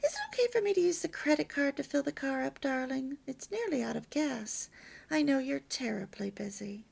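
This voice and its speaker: A woman voicing an affectionate wife who asks her husband for things gently. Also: fairly high pitch, animated, unhurried, vocal fry, slightly rough, full character voice. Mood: sweet. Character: sweet, affectionate young wife speaking gently.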